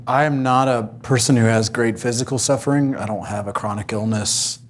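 A man's voice: medium pitch, steady tone, fairly quick, slight background noise. A man, a pastor, candidly sharing a personal story of hardship on a Christian panel. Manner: candid, reflective.

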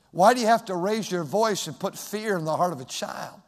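A man preaching a sermon as pastor, swinging from loud, shouted emphasis to soft, hushed speech. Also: high-pitched, fairly quick, hardly any pauses. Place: large church sanctuary. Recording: long hall reverb.

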